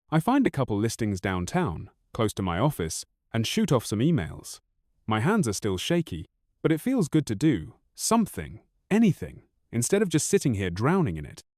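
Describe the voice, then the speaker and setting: Bitter, lively-voiced male storyteller. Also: medium pitch, dry recording, studio quality. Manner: bitter, raw, profane. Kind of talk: first-person story narration.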